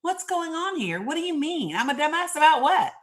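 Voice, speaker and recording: A woman acting out a confused older male politician, slow and bewildered. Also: sits high, very animated, voice pushed up.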